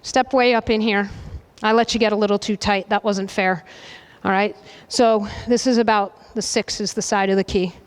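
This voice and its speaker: A woman soccer coach leading a goalkeeping demonstration with players, brisk and directive, checking in with a constant "okay?" and loudly calling out commands. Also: medium pitch, steady tone, clean tone. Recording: reverberant hall, voice from a distance.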